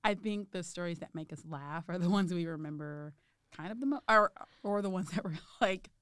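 A woman's voice: fairly low pitch, moderate pace, fairly bright tone, smooth, no echo, studio quality. A young woman hosting a casual interview, rambling through her questions with lots of fillers and easy laughter. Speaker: podcast host.

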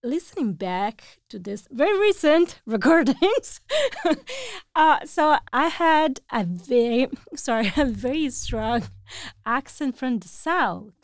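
A woman's voice: high-pitched, sing-song, slow, no echo, studio quality. Chatty woman, often laughing. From Italy. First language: Italian. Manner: chatty, laughs often, many fillers and restarts. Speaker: language teacher. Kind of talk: casual conversational storytelling.

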